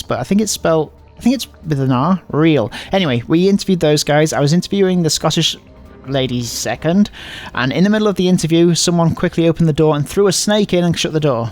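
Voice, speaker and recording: A man's voice: fairly high pitch, a little mellow. A man hosting a let's play of a visual novel, reading the game's dialogue aloud in a casual, rambling, self-mocking way. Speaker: gaming host.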